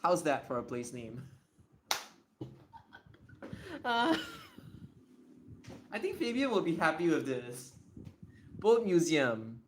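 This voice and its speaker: Animated streamer thinking aloud. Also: mid-range voice, slow pace, long pauses, slight background noise. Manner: excitable, thinks aloud while typing. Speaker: livestreamer. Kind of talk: casual livestream Q&A.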